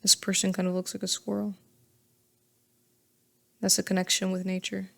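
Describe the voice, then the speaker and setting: A woman's voice: medium pitch, monotone, moderate pace, creaky. A woman giving a casual tarot reading to camera, chatty and thinking aloud, often laughing at herself. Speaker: tarot reader.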